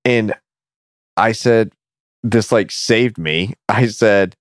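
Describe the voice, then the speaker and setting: A man's voice: fairly low pitch, normal speed, no room sound, studio quality. A man co-hosting a casual talk show, telling a story and laughing easily. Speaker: podcast co-host. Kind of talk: casual chat.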